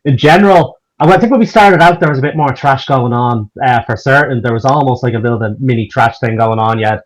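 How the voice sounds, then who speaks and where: An Irish man chatting in an interview. He rambles easily, circles back and restarts his thoughts, and sits at an ordinary middle pitch. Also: quick pace, rough recording. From Ireland. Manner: rambling, frequent restarts and fillers. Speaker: band member. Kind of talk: casual interview chat.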